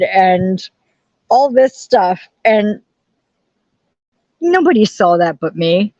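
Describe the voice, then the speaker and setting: A woman's voice: medium pitch, animated, slow pace, pauses often, a little mellow, no room sound, dull audio. A woman hosting a casual live stream from home, chatting and greeting viewers by name. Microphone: camera on tripod.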